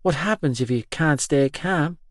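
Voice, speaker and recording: A shy teenage girl in an audiobook, her voice pitched up and asking nervous, halting questions, as a male narrator puts her on. She speaks slowly, and the recording is close and dry. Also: no echo, close to an everyday voice. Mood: nervous, curious. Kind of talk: audiobook dialogue.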